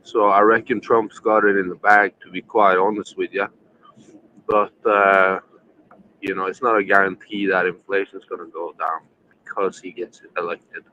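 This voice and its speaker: A tipsy man talks loosely and crudely, swearing through a rambling casual chat. His voice is low-pitched but bright and forceful, with a faint hiss of background noise under it. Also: little pitch movement, normal speed, dull audio. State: still drunk. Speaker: livestream panel host.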